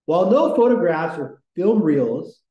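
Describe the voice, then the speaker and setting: A man's voice: sits high, sing-song, measured pace, echoey room, highs cut off. A man hosting a casual history podcast, talking in a rambling, enthusiastic way with lots of fillers. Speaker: podcast host.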